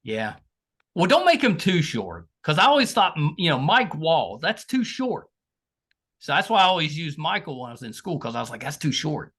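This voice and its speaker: A man's voice: fairly high pitch, normal speed, breathy edge. A man hosting a podcast, chatting casually and joking with his guest. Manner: lively, joking, laughs easily. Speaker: podcast host. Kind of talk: casual interview chat.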